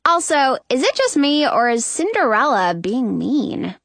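Woman reading a kids' story out loud, high voice going all over the place, slow. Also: big pitch swings, dry recording. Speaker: audiobook narrator. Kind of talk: first-person storybook narration.

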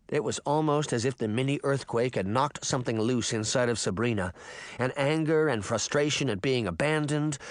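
A man's voice: medium pitch, dry recording. A man narrating a children's fantasy novel as an audiobook. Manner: expressive storytelling. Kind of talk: scripted narration.

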